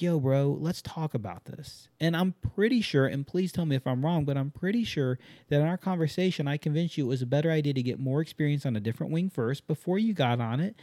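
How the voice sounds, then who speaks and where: A young adult man talks casually as a host, blunt and liberal with profanity. His voice is mellow and sits a little high for a man. The sound is dry and close. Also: dry recording. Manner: blunt, profane, animated storytelling. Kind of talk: casual chat.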